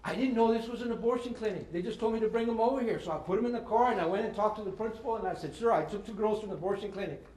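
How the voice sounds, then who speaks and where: High-voiced man in his fifties, echoey hall. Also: racing, hardly any pauses, slight background noise. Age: 50s. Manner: lively storytelling, mixes in Spanish phrases. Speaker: guest speaker. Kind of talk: motivational talk to students. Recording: echoey hall with faint ambience.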